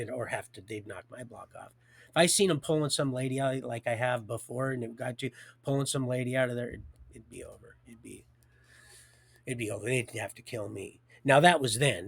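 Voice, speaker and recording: Middle-aged man, rambling life-story teller, halting delivery, dry close mic, medium pitch. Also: vocal fry, husky, no echo. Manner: halting, many restarts, swings from quiet to loud. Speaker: livestream storyteller.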